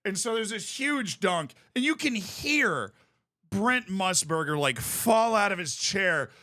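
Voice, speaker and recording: A man chatting casually on a live stream, telling stories in an animated way and laughing often. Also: sits high, slow pace, dry recording, studio quality.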